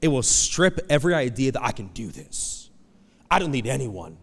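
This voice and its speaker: A man preaching a conversational, animated sermon as pastor, acting out quoted voices. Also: medium pitch, moderate pace. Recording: long hall reverb.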